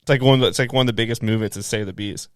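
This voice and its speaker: Young man, podcast co-host, slightly low voice, dry close mic, laughing and swearing in casual chat. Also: steady tone, racing, clear, resonant tone, no room sound. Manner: loose, laughing, swears a lot, many fillers.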